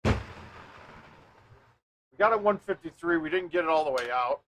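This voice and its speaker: A man hosting a live stream, chatting casually with viewers and thinking out loud as he plays a golf game. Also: on the high side, animated, normal speed.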